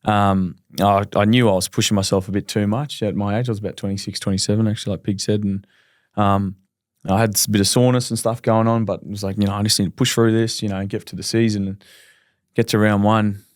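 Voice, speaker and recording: A man in his thirties with an Australian accent, telling his story candidly in a relaxed podcast chat. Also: on the low side, no room sound, studio quality. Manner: rapid, candid, laid-back with frequent ums. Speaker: podcast guest, professional footballer.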